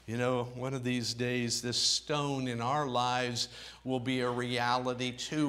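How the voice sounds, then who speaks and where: A man preaching a sermon, reading scripture in old-fashioned wording and swinging between soft, low phrases and raised, emphatic ones. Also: fairly even intonation, measured pace. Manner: reads scripture aloud in King James wording.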